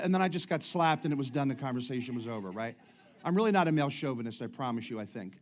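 A middle-aged pastor with a medium-pitched, lively voice preaches at a quick pace, keeping it conversational with jokes and repeated restarts.

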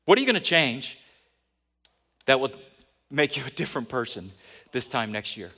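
A man's voice: medium pitch, sing-song, moderate pace, bright, forceful tone. A man preaching a sermon in a conversational way, building to emphatic peaks. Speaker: pastor.

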